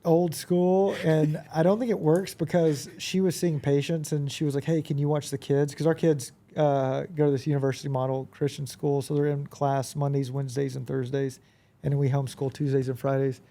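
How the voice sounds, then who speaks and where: Gravelly-voiced man telling stories. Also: fairly high pitch, moderate pace. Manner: animated anecdotes, frequent fillers and quoted dialogue. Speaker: podcast guest, business owner. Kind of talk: casual conversational storytelling.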